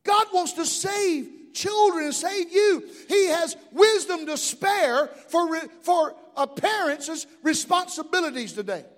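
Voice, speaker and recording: A man's voice: extremely high pitch, animated, measured pace, few pauses. A middle-aged man pastor preaching a sermon in a church, impassioned, with call-and-response asides. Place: church sanctuary. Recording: long hall reverb.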